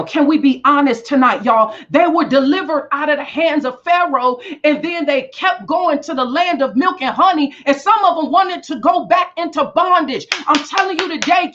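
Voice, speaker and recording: A woman giving a motivational talk in a preaching style, repeating lines and rising to shouts for emphasis. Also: high voice, highs cut off. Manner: repetitive call-and-response preaching, shouting for emphasis. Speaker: motivational speaker.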